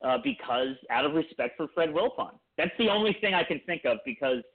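A man's voice: a little high, expressive, brisk. A man co-hosting a podcast in casual chat, rambling through long points with frequent restarts. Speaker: podcast co-host. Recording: tinny phone-like line.

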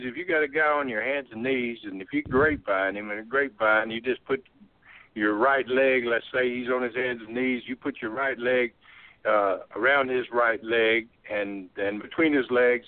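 A man's voice: mid-range voice, normal speed, no echo. A man, a former wrestler telling folksy stories in casual chat. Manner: drawling, folksy, laughs while telling stories. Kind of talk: casual storytelling. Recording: tinny phone-like line, dry.

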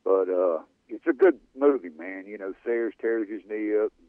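Low-voiced older caller on a phone line. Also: male voice, expressive, normal speed, creaky, dry recording. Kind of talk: phone-in call.

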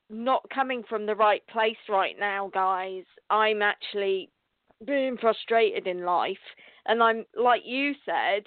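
A woman host with a fairly high voice on a spiritual call-in show. She talks in an effusive way, starting and restarting her thoughts. Her voice comes through thin and tinny, close and dry. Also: no echo. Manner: warm, effusive, thinks aloud with restarts. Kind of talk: spiritual radio interview. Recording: tinny phone line.

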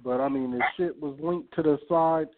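A man co-hosting a podcast, telling things in an animated, profane way over a tinny, noisy phone-like line. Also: fairly high pitch, moderate pace. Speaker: podcast co-host. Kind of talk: casual chat.

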